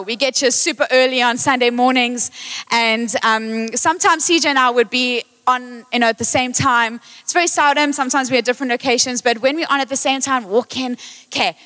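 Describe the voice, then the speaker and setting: High-voiced excitable woman preaching in a church. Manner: excitable, playful and self-mocking. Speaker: worship leader preaching. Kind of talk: lively live sermon. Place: church auditorium, live service. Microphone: handheld mic. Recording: long reverb of a church hall.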